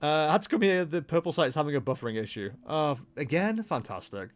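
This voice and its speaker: A man streaming a video game and commenting casually, animated and jokey, with muttered asides. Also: on the high side, fast talker. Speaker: gameplay streamer. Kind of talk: casual gameplay livestream commentary.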